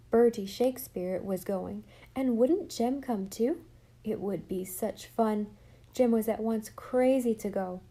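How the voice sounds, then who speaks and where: A woman narrating a storybook audiobook in a measured, even way. Her voice is mellow and dark, with an average pitch for a woman.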